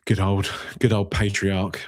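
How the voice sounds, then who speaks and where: A man hosting a fan podcast, reading out viewer comments in a jokey, rambling way with sudden high-pitched outbursts. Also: flat delivery, a little slow. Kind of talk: casual live-stream chat.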